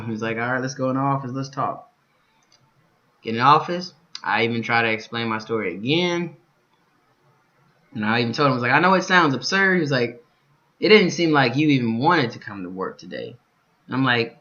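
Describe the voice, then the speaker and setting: Bright-voiced man telling a story. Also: medium pitch, moderate pace, pauses often, highs cut off. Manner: animated storyteller, swings from calm to loud venting with cursing. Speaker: vlogger. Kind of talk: storytelling vlog.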